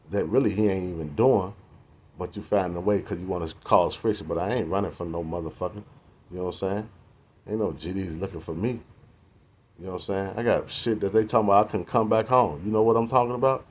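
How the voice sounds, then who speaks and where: A man's voice: sits low, a little mellow. A man in his forties delivering a preachy, confrontational rant to the camera, full of slang and cursing. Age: 40s. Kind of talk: profane street-talk rant to the camera.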